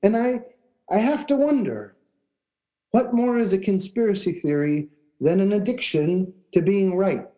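A man preaching a sermon, telling a personal story in a conversational way, with restarts and pauses. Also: high-pitched, dark tone, low-quality recording. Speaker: pastor.

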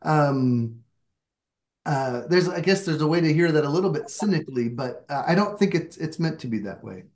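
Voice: mid-range voice, animated, moderate pace, a little mellow. A Bible study leader talks through the text on a video call. The delivery is reflective and searching, with a self-deprecating streak. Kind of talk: leading a group discussion.

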